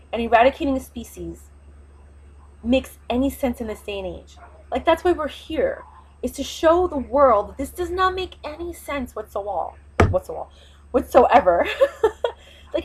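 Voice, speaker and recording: A woman talks straight to her viewers in a rambling, impassioned vlog. Her voice is husky and sits a little high. She speaks emphatically, pressing hard on her opinions. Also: poor audio. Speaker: vlogger. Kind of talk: impassioned casual monologue.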